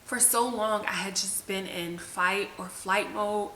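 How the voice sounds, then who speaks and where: A woman's voice: mid-range voice, unhurried, pushed and bright. A woman vlogger telling a personal story to the camera in a candid, emotional, conversational way. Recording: echoey room with faint hiss.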